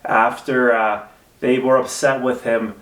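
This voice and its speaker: A man's voice: mid-range voice, measured pace, roomy sound, distant mic. A man co-hosting a casual movie review podcast, playful and loose, swearing freely. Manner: playful, swears a lot, jumps into excited yelps. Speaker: podcast co-host. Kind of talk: casual movie review chat with comic skits.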